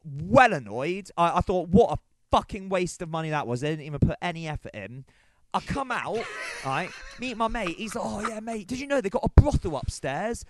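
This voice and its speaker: High-voiced man, rambling. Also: expressive, moderate pace. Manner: laughs while telling a story, rambling. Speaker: voicemail caller. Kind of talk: casual storytelling.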